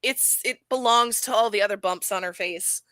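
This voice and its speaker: A woman's voice: mid-range voice, moderate pace, fairly bright tone, dry recording. A woman talking casually on a live stream, chatty and giggly, rambling with lots of fillers. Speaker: streamer reviewing videos.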